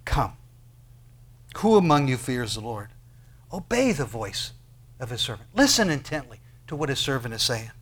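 Preaching at medium pitch with a sing-song lilt, this pastor keeps asking his congregation questions. His delivery moves from quiet, slow stretches to loud, building moments.

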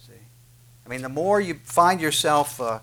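A man's voice: a little high, animated, normal speed, bright, forceful tone. A man preaching a sermon, earnest and questioning, with frequent filler sounds as he reads and explains scripture. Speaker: pastor.

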